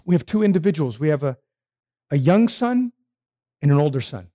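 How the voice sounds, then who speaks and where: A man preaching with a slightly high voice and a lively, swinging pitch. He asks the congregation questions, then answers them himself. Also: moderate pace. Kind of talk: sermon.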